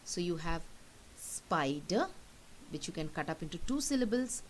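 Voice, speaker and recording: This is a rough recording with a faint hiss of a woman teacher's lesson. Her lowish voice moves through big pitch swings, and she patiently repeats each word twice, slowly, so listeners can copy its pronunciation.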